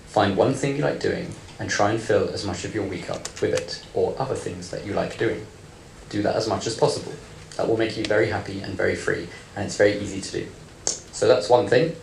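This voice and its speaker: A man's voice: fairly low pitch, vocal fry, a little hiss or hum. A man in his thirties giving a live panel talk, blunt and playful, swearing freely. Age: 30s. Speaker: panel speaker. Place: event room with audience. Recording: echoey room, faint ambience.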